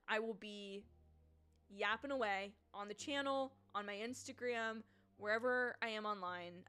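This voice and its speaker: A woman's voice: mid-range voice, fairly bright tone. A young woman hosting a live reaction stream, talking casually to her viewers in a chatty, gushing and emotional way. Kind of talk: casual livestream chat.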